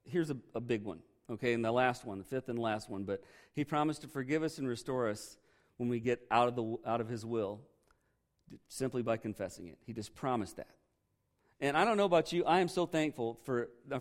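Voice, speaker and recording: A man preaching a sermon in a conversational way, often pausing to quiz his congregation. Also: mid-range voice. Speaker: pastor.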